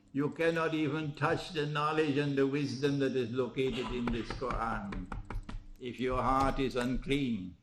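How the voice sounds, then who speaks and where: A man delivers a religious lecture in a mid-range voice. He leans on rhetorical questions and little prods of "huh?", chuckling at his own points. His delivery swings from emphatic peaks to low, quiet stretches. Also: noisy background. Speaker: Islamic lecturer.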